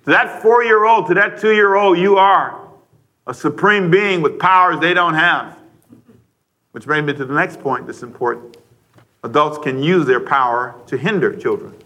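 A man preaching a radio sermon, talking straight to the listeners with a stream of questions and now and then acting out a frustrated parent with a sudden loud outburst. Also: fairly high pitch, moderate pace. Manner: conversational, asks the listeners many questions.

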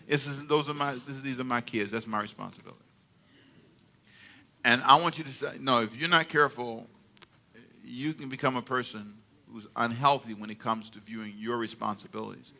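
A man's voice: fairly high pitch, moderate pace. An older man preaching a sermon as pastor, telling stories with laughs and calling for amens from the congregation. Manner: animated storytelling with laughs and call-and-response. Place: church sanctuary.

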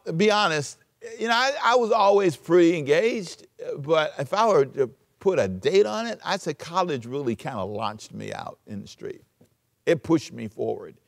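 A man preaching a sermon as pastor, emphatic, switching between loud urging and quiet asides. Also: on the high side, gravelly.

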